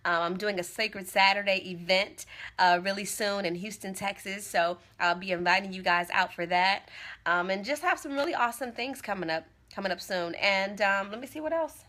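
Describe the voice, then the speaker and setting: A woman's voice: medium pitch, moderate pace, pushed and bright. A woman speaking casually and earnestly on a phone livestream, encouraging her viewers and repeating phrases for emphasis. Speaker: motivational speaker. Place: Tampa.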